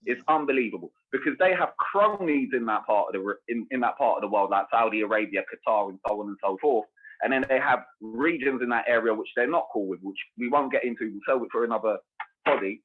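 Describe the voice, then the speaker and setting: A man's voice: medium pitch, fast talker. A man, co-hosting a casual podcast chat, ranting with heavy swearing and constant "bro" and "bruv". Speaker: podcast co-host. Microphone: remote call. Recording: tinny phone-like call audio.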